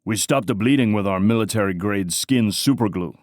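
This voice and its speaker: A man's voice: fairly low pitch, fairly quick, no echo, clean studio sound, close to an everyday voice. A man voicing a lanky young medic with a thick accent who talks matter-of-factly.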